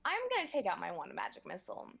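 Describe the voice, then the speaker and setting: A woman player at a tabletop game, deliberate when stating her moves. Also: lowish voice, huge pitch swings, vocal fry, bright, forceful tone. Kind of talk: casual chat at the game table.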